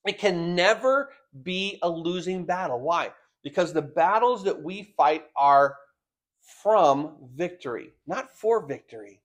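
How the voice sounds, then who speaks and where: A man with a high, expressive voice preaches a sermon. He shifts between loud, emphatic lines and soft, slowly drawn-out ones, and he builds his points through frequent repetition of words.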